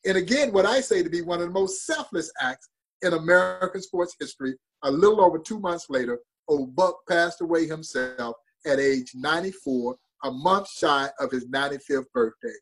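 A man's voice: on the high side, moderate pace, slightly rough, low-quality recording. A man telling a story with passion and drama as a guest on a talk show. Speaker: baseball museum guest. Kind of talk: storytelling interview.

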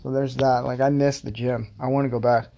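A young man talks on his own podcast in loose, meandering chat. He stacks fillers and pokes fun at himself. His voice sits at an ordinary middle pitch. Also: flat delivery, a little fast, creaky, dark tone. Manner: rambling, filler-heavy, self-deprecating. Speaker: podcast host. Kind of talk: casual solo podcast rambling.

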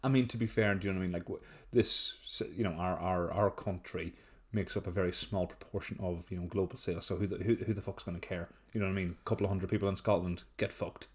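A man's voice: low-pitched, fairly even intonation, fast, breathy edge. A man with an Irish accent co-hosting a casual film chat, blunt and laid-back with plenty of swearing. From Ireland. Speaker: podcast co-host.

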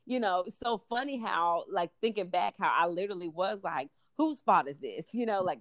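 A young adult woman, a podcast guest, telling her story in casual talk, animated and full of "you know" and "like". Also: fairly low pitch, moderate pace, hardly any pauses, no echo. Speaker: podcast guest, law student. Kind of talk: casual faith interview.

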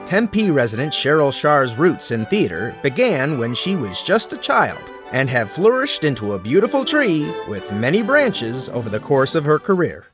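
Lively-voiced man narrating a podcast. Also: on the high side, moderate pace, few pauses. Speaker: podcast host. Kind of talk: scripted narration. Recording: dry studio sound with faint music.

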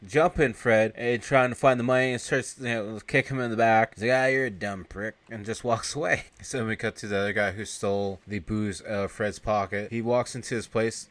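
Low-voiced man recapping a movie casually. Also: fairly even intonation, fairly quick, few pauses, a bit bright, no echo. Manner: retells scenes, acting out characters' lines; chuckles between sentences. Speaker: podcast host.

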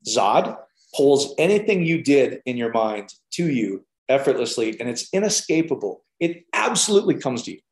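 A man preaching an informal sermon, telling stories in an animated way with lots of fillers. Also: mid-range voice, normal speed. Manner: animated storytelling with many fillers. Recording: roomy echo.

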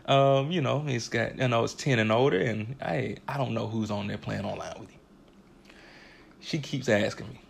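A man in his thirties hosting a casual chat, telling animated stories and laughing often. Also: mid-range voice, normal speed, gravelly, a little hiss or hum. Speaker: podcast co-host.

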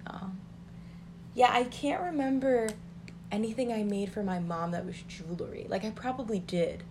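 A woman's voice: mid-range voice, normal speed, darkish tone, a little hiss or hum. A young woman telling family stories in casual chat, rambling with many filler words.

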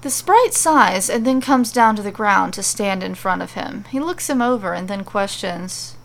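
A woman narrating a storybook tale, reading in an animated, playful way. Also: mid-range voice, normal speed, creaky.

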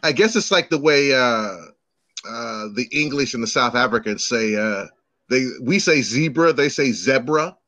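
A man co-hosting a podcast in casual chat, animated and joking, swearing freely. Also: mid-range voice, normal speed, no room sound. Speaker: podcast co-host.

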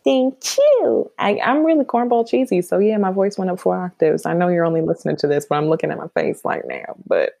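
A woman talks in an easy, affirming way, like a close friend giving a pep talk, full of fillers and loving asides. Her voice sits a little low. The sound is dry and close. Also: steady tone, fast talker, vocal fry, few pauses, no room sound. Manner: warm, affirming, chatty with many fillers. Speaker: podcast guest, mental health professional. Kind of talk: casual heartfelt conversation.

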